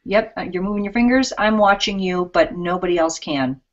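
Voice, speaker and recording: A woman's voice: fairly low pitch, brisk. Woman co-host reading out viewer comments. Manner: friendly, reads out viewer messages. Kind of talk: live-streamed chat. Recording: dull, lo-fi live stream.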